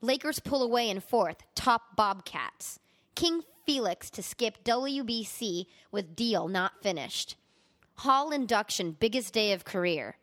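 A woman's voice: mid-range voice, a bit bright. A woman co-hosting a casual podcast, chatting in a rambling way. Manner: chatty, rambling with fillers and laughs. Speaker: podcast co-host. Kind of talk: casual chat.

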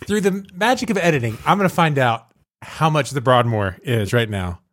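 A man co-hosting a podcast, cutting in with teasing jokes and quick wisecracks in casual banter. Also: medium pitch, animated, no room sound, studio quality. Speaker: podcast co-host.

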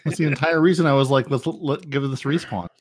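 A man's voice: mid-range voice, fairly quick, breathy edge, dry recording. A man co-hosting a casual podcast, teasing the others with dry humor and restarting his sentences. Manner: teasing, dry humor, repeats words as he starts. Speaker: podcast co-host.

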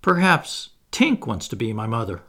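A man's voice: mid-range voice, wildly swooping pitch, moderate pace, creaky, bright, forceful tone, full character voice. A man reading aloud and voicing a boyish young boy who sounds anxious and puzzled.

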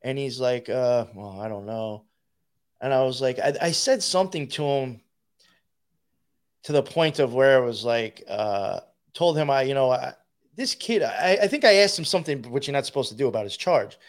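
A man's voice: medium pitch, animated, normal speed. A man telling a rambling, profane story in casual conversation, laughing as he goes. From New York.

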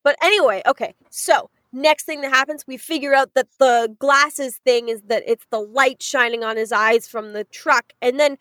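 Young woman chatting about a show, high voice, does little character voices. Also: dry recording, low-quality recording. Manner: animated storytelling, acts out characters in quick voices. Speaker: podcast co-host recapping a show. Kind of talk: casual chat.

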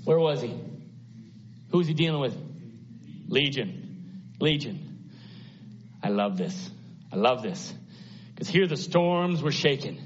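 A man preaching a sermon at a church service, dramatic, acting out the voices in the story and swinging from hushed to loud. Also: mid-range voice, animated, slow pace, pauses often. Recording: dull lo-fi sound.

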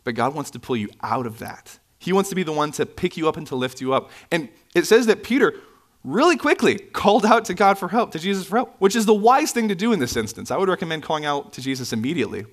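A man preaching a sermon in a church, conversational with asides and self-corrections, his pitch jumping up when he stresses a point. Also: fast. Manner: animated, pitch swinging up for emphasis. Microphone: microphone, sometimes bumped.

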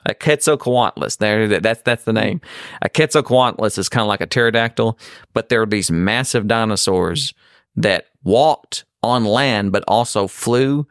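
A man's voice: on the low side, normal speed, clear, resonant tone, no room sound, studio quality. A middle-aged man, hosting a podcast and telling rambling stories in casual chat. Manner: rambling storyteller, animated. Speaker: podcast host.

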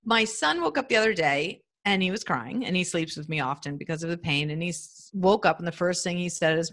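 A woman in her fifties talking earnestly in a casual podcast interview over a remote call, in short halting phrases. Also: lowish voice, animated, a bit bright. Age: 50s. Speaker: guest. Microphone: remote audio call.

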